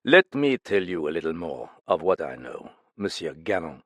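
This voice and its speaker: A man reading an audiobook, voicing a police official who questions in a measured, pressing way. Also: low voice, very animated, dry recording, pitched below the performer's own voice. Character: sharp, probing male police official.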